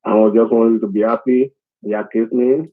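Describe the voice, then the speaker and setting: A man's voice: mid-range voice, steady tone, normal speed. A man on a phone call, repeating reassurances in broken English and pleading over and over. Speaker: phone scammer. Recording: tinny phone line.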